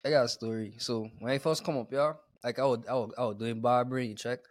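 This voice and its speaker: A man's voice: medium pitch, fairly even intonation, fast. A man from the Virgin Islands with his home accent, co-hosting a podcast and telling loose, profane stories in casual chat. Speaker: podcast co-host.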